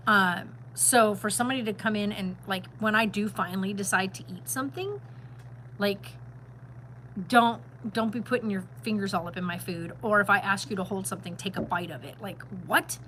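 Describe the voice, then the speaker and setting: A woman's voice: medium pitch, normal speed, pushed and bright, slight background noise, poor audio. A middle-aged woman who is a grandmother, chatting casually and emphatically on a home vlog. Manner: rambling, emphatic, opinionated. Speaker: vlogger and grandmother. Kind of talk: casual chat.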